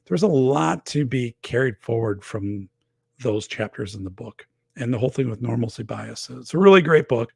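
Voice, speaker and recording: Gravelly, husky man rambling on a stream. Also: mid-range voice, lively intonation, normal speed, darkish tone, no room sound. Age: 40s or older. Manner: rambling, loose, lots of fillers. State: losing his voice. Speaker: podcast host. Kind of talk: casual livestream chat. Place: home office.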